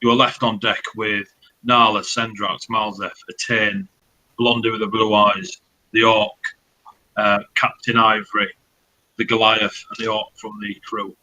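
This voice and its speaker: A man's voice: fairly low pitch, level tone, a little slow, bright, forceful tone, rough recording. A man narrating as dungeon master, loose and sweary, with many fillers. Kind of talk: narrating a tabletop game.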